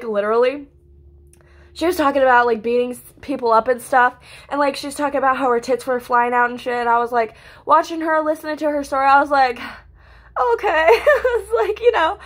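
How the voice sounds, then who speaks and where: High-voiced young woman ranting profanely. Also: fairly bright tone. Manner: profane, ranting, filler-heavy. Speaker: vlogger. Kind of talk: casual rambling monologue.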